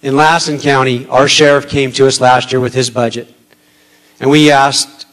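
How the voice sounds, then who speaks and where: A man giving a candidate's statement at a debate, halting with many pauses and earnest, at times emotional. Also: mid-range voice, little pitch movement, a bit bright, poor audio. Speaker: political candidate.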